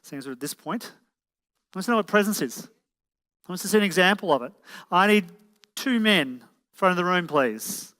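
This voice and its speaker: A man's voice: high-pitched, animated, normal speed, long pauses, bright, forceful tone. A man presenting a relationship seminar to a live audience, putting direct questions to the room and calling for shows of hands. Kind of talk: motivational seminar talk. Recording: echoey hall.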